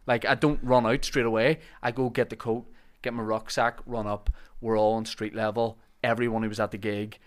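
Animated man telling stories. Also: lowish voice, moderate pace, hardly any pauses. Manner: animated storyteller, acts out shouted quotes. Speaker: comedian. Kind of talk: casual chat.

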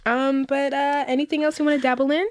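A woman co-hosting a podcast in casual chat, animated and full of slang and reactions. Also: high voice, fast talker, dry recording, studio quality. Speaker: podcast co-host.

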